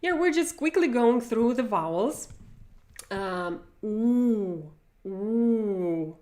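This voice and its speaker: Slow-speaking woman teacher. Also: a little high, very animated, darkish tone. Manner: demonstrates sounds, repeats and exaggerates them. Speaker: Russian pronunciation teacher. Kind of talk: online pronunciation lesson.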